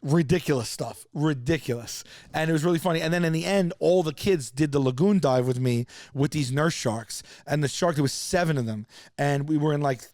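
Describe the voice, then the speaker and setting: Animated man with a dry close sound. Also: fairly high pitch, a little fast, no echo. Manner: animated, acts out other people's lines in raised voices; loose rambling delivery with restarts. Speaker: podcast co-host telling a story. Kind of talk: casual comedic storytelling.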